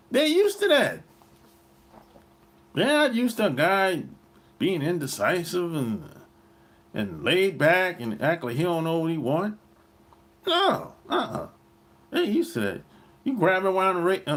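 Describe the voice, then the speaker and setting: A man's voice: high voice, very animated, measured pace, creaky, long pauses. A man hosting a podcast, giving blunt, profane dating advice in a casual monologue and laughing often. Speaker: podcast host.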